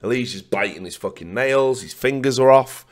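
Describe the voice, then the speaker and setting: Hoarse, blunt man ranting. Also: mid-range voice, normal speed. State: hoarse, tired voice. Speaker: esports analyst. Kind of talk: opinionated match analysis.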